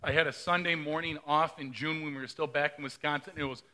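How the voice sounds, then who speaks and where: A man's voice: a little high, fairly even intonation, quick pace, sharp tone. A middle-aged male pastor preaching a sermon in a conversational way, often asking the congregation questions.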